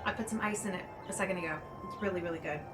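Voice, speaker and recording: A woman chatting casually to camera in a vlog, gushing and excitable, with quick bursts of delight. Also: on the low side. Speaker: lifestyle vlogger. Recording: echoey room with background music.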